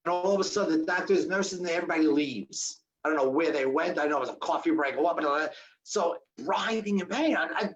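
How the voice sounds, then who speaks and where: A man telling a survival story to an audience, acting out the dialogue with sudden jumps in his voice. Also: fast. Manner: animated, acts out quoted dialogue with sharp pitch jumps. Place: audience hall. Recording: dull lo-fi recording.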